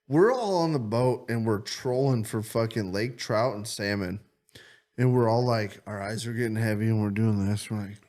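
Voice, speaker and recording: Swearing, storytelling podcast guy, low voice. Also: normal speed. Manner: animated storytelling, heavy swearing. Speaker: podcast co-host. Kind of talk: casual chat.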